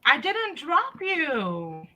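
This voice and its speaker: Woman hosting a chat, really bright voice, goes way up and down, lots of ohs. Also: high-pitched, extremely slow. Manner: expressive, exclaiming. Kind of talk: casual chat.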